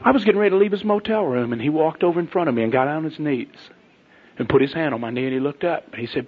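A man preaching a sermon to pastors, telling folksy stories that swing from loud to hushed. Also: on the high side, animated, quick pace, slightly rough. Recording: dull lo-fi sermon tape.

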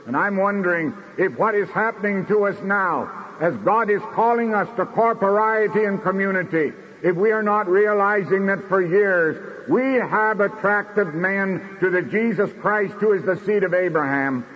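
A man preaching a sermon in a measured, declamatory way, slowing down for emphasis. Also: high-pitched, husky. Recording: dull recording in a reverberant hall.

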